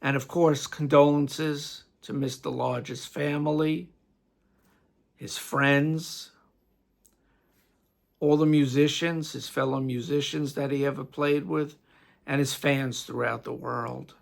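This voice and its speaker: Middle-aged New York man, gravelly tone, chatty rambling music-vlog delivery. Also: fairly high pitch, little pitch movement, slow pace. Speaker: music vlogger. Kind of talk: casual tribute monologue.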